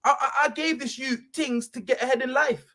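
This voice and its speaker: Man, casual chat, high-ish voice, emphatic and slangy. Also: fairly even intonation, a little fast, sharp tone. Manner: emphatic, repetitive, peppered with street slang. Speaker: podcast guest telling a story.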